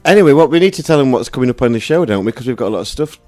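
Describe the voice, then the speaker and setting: A man's voice: mid-range voice, lively intonation, rapid-fire, darkish tone, soft background music. A man co-hosting a radio show in a small studio, chatting in a laid-back way. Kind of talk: casual radio chat.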